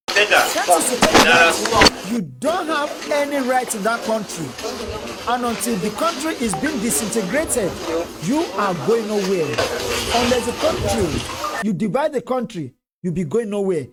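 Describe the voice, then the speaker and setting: Nigerian accent, fervent political commentary, repetitive, mid-pitched voice. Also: big pitch swings, moderate pace, loud music behind the voice. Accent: Nigerian, Yoruba-speaking. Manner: fervent, repetitive, switches between English and Yoruba.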